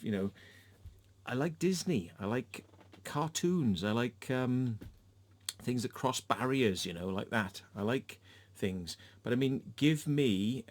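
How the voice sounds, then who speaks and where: Rambling, swearing man reviewing a film. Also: medium pitch. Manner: rambling and profane, with many fillers. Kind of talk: casual rant review.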